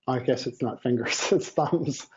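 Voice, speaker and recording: A man's voice: mid-range voice, unhurried, darkish tone. A man co-hosting a live online show, chatting and joking while he reads out viewers' names and greetings. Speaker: co-host. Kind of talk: live-stream show chat. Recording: dull lo-fi stream audio.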